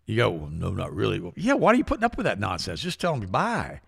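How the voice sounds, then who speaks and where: Talking fast in a mid-range voice that's creaky and slightly rough, this man co-hosts a talk show. His casual, opinionated chat is full of stories with acted-out quotes, told with lively energy, and he tends to repeat himself.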